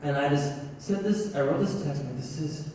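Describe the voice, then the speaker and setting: A young man performs stand-up, his fairly high voice carrying through a big echoey hall. He is caught from far off, with a faint hiss underneath. He slips into quoted voices and chuckles along with his own punchlines. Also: moderate pace, mellow. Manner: storytelling, acts out quoted voices, laughs at his own jokes. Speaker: stand-up comedian. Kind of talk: stand-up comedy set. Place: large hall, recorded from far off. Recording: echoey hall, distant mic, faint noise.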